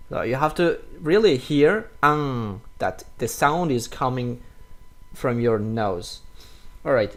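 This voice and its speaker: A man with a French accent leads a relaxed pronunciation lesson at an unhurried pace. His English is halting, full of ums and restarts, and he says each example word two or three times. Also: mid-range voice. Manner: slow, repeats example words several times, hesitant English with fillers. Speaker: French teacher.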